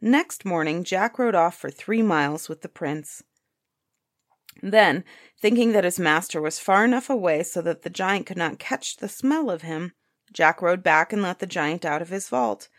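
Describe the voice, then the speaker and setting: A woman reading a fairytale aloud as storyteller, unhurried and expressive. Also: on the low side, dry recording, studio quality.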